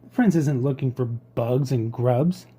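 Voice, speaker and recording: A man's voice: mid-range voice, unhurried, warm tone, slightly rough. A man voicing a fussy, polite young male squirrel in a storybook reading, chattering eagerly and scolding.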